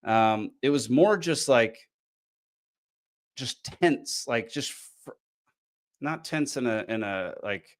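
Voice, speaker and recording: A man's voice: mid-range voice, animated, slow pace, long pauses. A tired man, hosting a casual podcast and recapping a frustrating match with lots of ums and restarts. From American South. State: tired, yawning. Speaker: podcast host.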